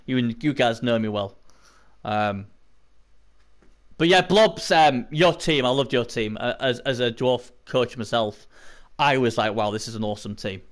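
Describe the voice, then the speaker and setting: A man's voice: mid-range voice, measured pace, pauses often. A man giving casual live-stream commentary on a tabletop sports video game, rambling and chatting to viewers between points.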